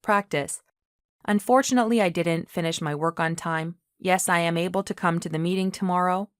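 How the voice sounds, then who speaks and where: A woman's voice: lowish voice, flat delivery, normal speed, clean tone, no room sound, studio quality. A woman teaching English grammar in an online lesson, explaining patiently and often checking in with "okay?".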